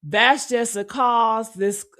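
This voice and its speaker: High, bright-voiced sarcastic woman commentator. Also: takes it slowly. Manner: blunt, sarcastic, swears freely, talks straight to viewers. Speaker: true crime commentator. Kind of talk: casual video commentary.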